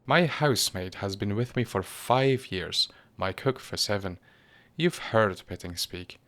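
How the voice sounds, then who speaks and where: A man voicing an irritable, agitated male professor in a storybook reading, speaking in a high, sharp, insistent voice. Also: expressive, a little slow.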